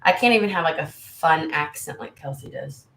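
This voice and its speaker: Low-voiced American woman chatting in an echoey room. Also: animated, moderate pace, vocal fry, fairly bright tone, a little hiss or hum. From United States. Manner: rambling, candid, swears freely. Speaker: tarot reader and channel host. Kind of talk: casual livestream chat with viewers.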